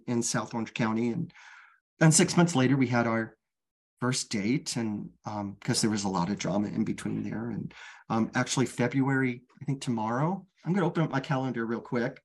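A woman's voice: a bass voice, darkish tone. A middle-aged woman telling her own life story candidly as a guest, frank and casual, swearing freely.

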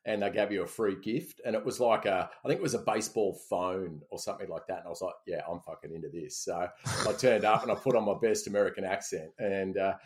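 A man's voice: sits low, fast talker, few pauses. An Australian man in his forties, co-hosting a podcast and telling rambling, self-mocking stories in casual chat. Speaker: podcast co-host.

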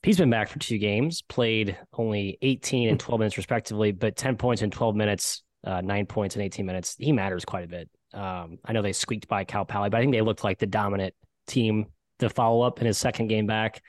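A man co-hosting a podcast, talking through sports bets in a measured, stat-heavy way with frequent fillers. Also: lowish voice, steady tone, dry recording. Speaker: podcast co-host and betting analyst. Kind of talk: casual sports betting chat.

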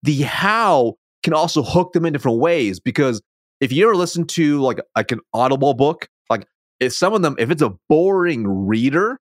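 A man being interviewed as a sales coach, a self-described fast talker who stumbles and restarts his words, speaking over a video call. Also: on the high side, lively intonation, dry recording, clean studio sound. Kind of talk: conversational interview.

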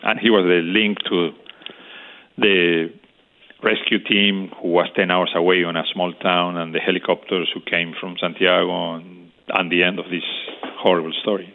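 Older man, halting, over a phone line. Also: low-pitched, little pitch movement. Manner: halting, searching for words. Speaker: interview guest. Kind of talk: reflective storytelling.

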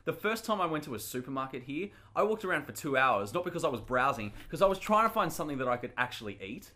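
A man's voice: on the high side, very animated, quick pace, bright, forceful tone. A man with an Australian accent, bantering and teasing in an opinionated way during a casual chat.

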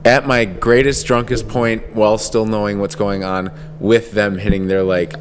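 A young man chatting casually on a podcast with friends, telling an animated story and laughing through it. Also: on the low side, normal speed, faint music behind. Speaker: podcast co-host. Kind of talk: casual chat. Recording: faint background noise.

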